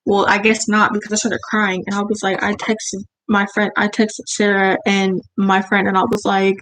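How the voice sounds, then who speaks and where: A teenage girl talks at home while she draws, telling a casual storytime vlog. She rambles and leans on fillers, and she often puts herself down with a laugh in her voice. Her pitch sits in the middle range. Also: flat delivery, normal speed, a bit bright, no room sound, rough recording. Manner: rambling, filler-heavy, self-deprecating. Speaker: vlogger. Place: at home, indoors.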